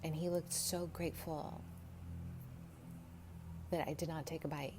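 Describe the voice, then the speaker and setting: A woman vlogger tells a rambling personal story to camera in a casual way, laughing often and dropping into whispers. Her voice sits low with a level tone and measured pace, over faint background noise.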